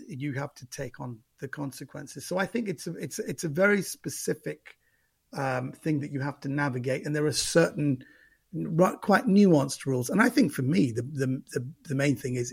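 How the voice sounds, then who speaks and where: A man, a stand-up comedian, talks casually in an interview. His voice is gravelly and husky. He thinks aloud and often repeats a word before going on. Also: fairly high pitch, normal speed. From Central London. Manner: thoughtful, repeats words while gathering thoughts.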